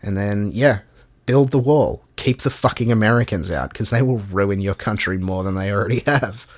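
A man's voice: lowish voice, a little fast, dry recording, clean studio sound. An Australian man co-hosting a podcast, telling stories in casual chat and swearing a lot. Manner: swears a lot, animated storytelling. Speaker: podcast co-host.

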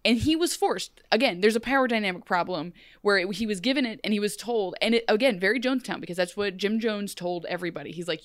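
A young woman co-hosting a podcast in casual chat, talking in animated, quick run-on restarts. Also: medium pitch, dry recording, clean studio sound. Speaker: podcast co-host.

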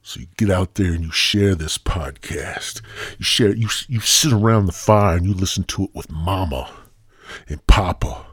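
A man's voice: deep voice, normal speed, fairly bright tone, husky, no echo. A man hosting a solo podcast, rambling and joking with constant swearing, sounding a bit out of breath with stuffy sinuses. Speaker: podcast host. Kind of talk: solo casual podcast rant.

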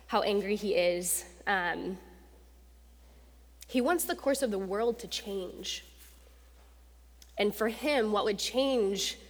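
A young woman with a fairly high voice preaches to a congregation, chatty and lively, throwing herself into the quotes she acts out. Her voice rings with the long reverb of a large church hall. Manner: conversational and animated, acts out quotes with rising intensity. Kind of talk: sermon.

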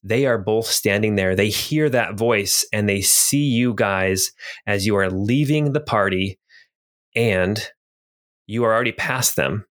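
A man's voice: on the low side, measured pace, a bit bright. A man narrating a tabletop game as game master, descriptive with some hesitant fillers.

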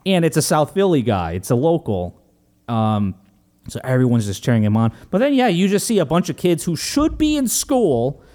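Animated, joking man recapping a movie. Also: on the high side, normal speed. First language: Italian heritage, speaks English. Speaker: podcast host. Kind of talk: casual movie recap chat.

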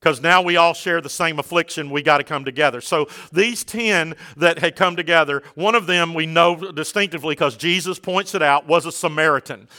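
Male pastor, high forceful voice, chatty sermon delivery that climbs to shouts. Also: brisk, hardly any pauses. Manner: conversational preaching that builds to shouted exhortation.

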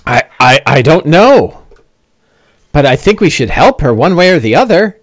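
A man's voice: a little high, sing-song, normal speed. A man voicing a timid, fussy, polite male companion who stammers nervously. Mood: anxious.

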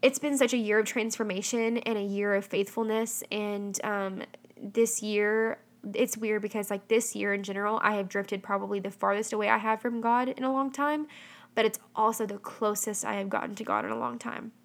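A woman's voice: medium pitch, steady tone, moderate pace. A young woman hosting a casual solo podcast, chatty and full of "um" and "like". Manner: chatty, heavy on fillers like "um" and "like". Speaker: podcast host.

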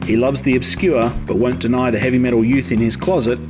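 A man's voice: medium pitch, fairly even intonation, fast. A man reading a playful scripted introduction for his podcast. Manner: playful, announcer-like. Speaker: podcast host. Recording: music bed under voice.

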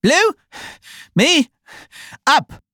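A volunteer reader voicing a breathless, fussy queen chess piece in a high, panting voice for an audiobook. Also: sing-song, drawn-out words, bright, forceful tone, dry recording, clean studio sound, exaggerated voice.

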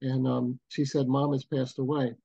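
Mellow older man telling a story. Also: medium pitch, flat delivery, creaky, husky, no room sound, lo-fi sound. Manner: unhurried, reflective, frequent pauses. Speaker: guest, booking agent. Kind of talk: storytelling interview. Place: home, bridge view behind.

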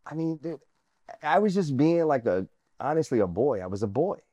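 An army veteran with a fairly high-pitched voice shares his personal story as an interview guest at a normal speed. He's earnest and animated, sometimes sinking to a near-whisper, and the recording has no echo.

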